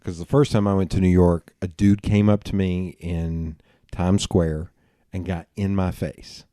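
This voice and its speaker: A man with a Southern US accent hosting a podcast, telling rambling, animated anecdotes in casual conversation. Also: deep voice, unhurried, no room sound, studio quality. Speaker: podcast host.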